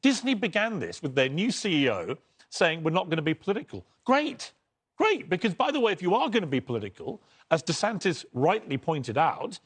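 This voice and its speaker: A man with a British accent, an excitable panel guest who talks over others with strong opinions. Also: sits high, a little fast, husky.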